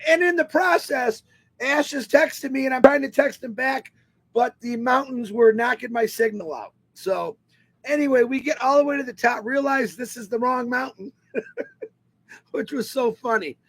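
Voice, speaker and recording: Man, unusually high husky voice, animated webinar storyteller. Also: moderate pace. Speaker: webinar speaker. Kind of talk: personal storytelling to an online audience.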